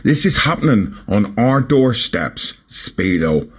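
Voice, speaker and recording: A man's voice: lowish voice, very animated, slow, breathy edge. A man on a livestream, indignantly scolding someone. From England. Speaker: livestream guest. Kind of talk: angry livestream rebuke.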